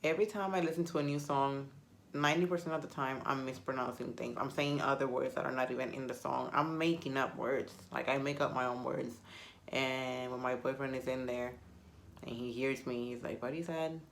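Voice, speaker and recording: A woman's voice: rumbling low, fairly even intonation, brisk, creaky, slight background noise. A woman whose first language is Spanish, chatting casually to camera and rambling with self-mocking humor. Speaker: vlogger.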